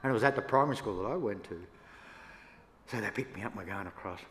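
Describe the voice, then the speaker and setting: An older Australian man, a First Nations elder, telling stories to an audience in a relaxed, yarning way with laughs between them. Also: on the low side, fast talker. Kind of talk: storytelling talk to an audience. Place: church hall. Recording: echoey hall, faint room noise.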